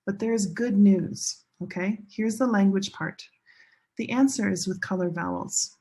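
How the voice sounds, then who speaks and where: A woman teaching a pronunciation lesson, leading learners through slow chanted drills. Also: medium pitch, dark tone, slightly rough. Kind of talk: classroom lesson.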